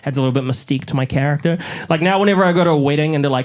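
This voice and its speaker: A young man from New Zealand doing a stand-up comedy set in front of a live audience, telling stories with lively delivery and little put-on voices. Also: a little high, racing. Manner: animated storytelling, mocks up little voices.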